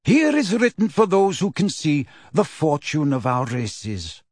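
A man voicing a calm, aloof male centaur teacher, speaking in a measured, quietly dismissive way. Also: fairly high pitch, no echo, studio quality. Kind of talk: audiobook character reading.

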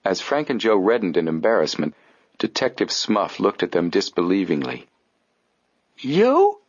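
A man reading an audiobook in steady, even scripted narration. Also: deep voice, moderate pace, dry recording. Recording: dull dry studio audio.

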